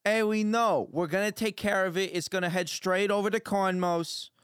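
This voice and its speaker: A man's voice: lively intonation, normal speed, no echo, studio quality. A man voicing a pushy male car dealer who keeps reassuring his customers. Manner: salesman's smooth pitch, calls everyone friend.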